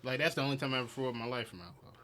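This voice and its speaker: A man chatting quickly and casually on a comedy podcast, often chiming in with short reactions. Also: mid-range voice, crowd noise.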